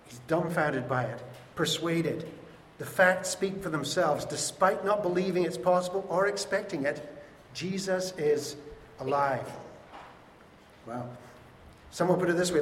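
A man with a fairly high voice delivers a lively Easter sermon, slipping into the voices of the people he describes. He is picked up from a distance, so the sound comes with a long echo off the walls of a church hall. Faint ambient noise hangs in the background. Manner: expressive, acts out voices of biblical figures. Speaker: pastor.

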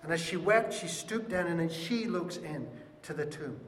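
A man's voice: fairly high pitch, moderate pace, slight background noise. A man preaching an Easter sermon to his congregation, talking expressively and acting out the voices of the people in the story. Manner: expressive, acts out voices of biblical figures. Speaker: pastor. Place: church hall. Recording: echoey hall, picked up from a distance.

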